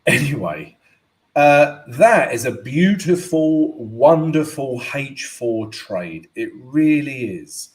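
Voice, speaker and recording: Male host, live market analysis, unhurried and conversational, mid-range voice. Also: medium pitch, very animated. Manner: chatty, keeps adding "right?". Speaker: forex trading host.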